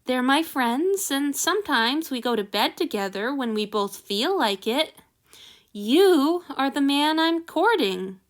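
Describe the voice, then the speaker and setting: A woman reading the lines of a gentle, affectionate male god lord in a soft, tender, teasing way. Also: high-pitched, lively intonation, unhurried.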